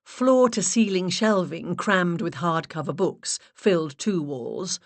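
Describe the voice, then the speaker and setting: A woman narrating a mystery audiobook in the first person, expressive storytelling. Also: lowish voice, slow, no echo. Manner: expressive storytelling with varied character voices.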